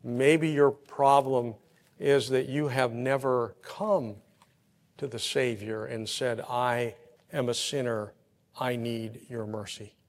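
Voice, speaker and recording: A man preaching a sermon, telling everyday stories and swinging from soft, quiet passages to loud, emphatic peaks. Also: mid-range voice, steady tone, slow. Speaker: pastor. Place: church. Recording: long hall reverb.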